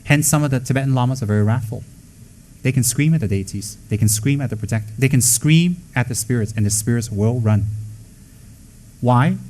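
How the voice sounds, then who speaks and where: A man's voice: medium pitch, a little fast, a little mellow, a little hiss or hum. A man in a mid-range voice gives a loose, unscripted Buddhist teaching. He talks bluntly and with emphasis, asks rhetorical questions and answers them himself, and drops in teasing jokes. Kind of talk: informal dharma talk.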